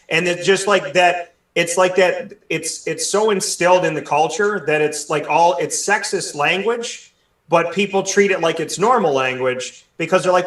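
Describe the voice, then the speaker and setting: A man hosting a sports talk show, speaking in an animated way with many restarts. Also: high-pitched, normal speed, reverberant, far from the mic. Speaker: sports radio show host. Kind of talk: casual discussion, hosting.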